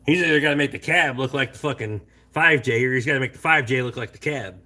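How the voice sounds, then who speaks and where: A man's voice: medium pitch, fast, bright, forceful tone. A middle-aged man hosting a casual late-night stream, talking bluntly and swearing a lot while he rambles and answers chat. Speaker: livestream host reading chat.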